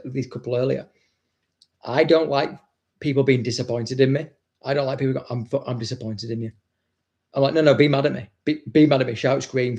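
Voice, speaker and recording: Bloke dog trainer chatting away, swears a lot, blunt, bit of gravel in the voice, mid pitch. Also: male voice, a little mellow. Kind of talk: casual chat.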